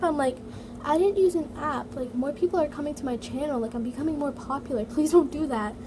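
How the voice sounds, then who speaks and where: A fast-talking woman with a high voice chats about comments as a toy vlogger, sprinkling "like" and "so yeah" everywhere. The setting is her home basement, the mic an iPad mini, and the noisy recording picks up heater hum from the running heater.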